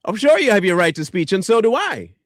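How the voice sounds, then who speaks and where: Combative high-voiced male ranter. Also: very animated, fairly quick, dry recording. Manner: combative, insulting, sarcastic. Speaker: online commentator. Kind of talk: ranting reply to viewer comments.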